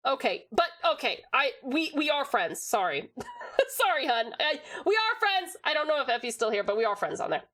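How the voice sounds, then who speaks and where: Greeting viewers and reading messages from chat, a young Tasmanian woman keeps her livestream casual with a high-pitched, sing-song, fairly bright voice. Giggly and bubbly, she jumps quickly between topics and curses offhandedly.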